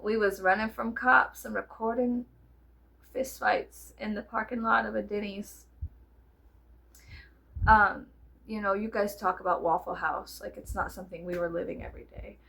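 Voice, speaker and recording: A woman's voice: mid-range voice, steady tone, moderate pace, vocal fry, fairly bright tone. A woman, chatting casually to camera in a rambling, giggly, profane way full of fillers. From South Texas. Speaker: vlogger.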